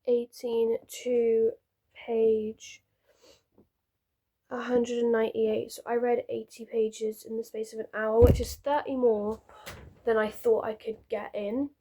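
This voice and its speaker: A young woman chats to camera from her bed, her voice sitting a touch higher than most. She rambles on in a loose, self-interrupting way, talking about her reading. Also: level tone, slow, background noise. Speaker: reading vlogger. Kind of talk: casual chat to camera. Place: at home, sitting on a bed with pillows.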